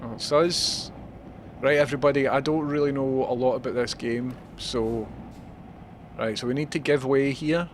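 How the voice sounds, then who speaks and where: A man's voice: mid-range voice, fairly even intonation, moderate pace, slight background noise. A Scottish man chatting and swearing his way through a live gameplay stream, talking to viewers as he plays.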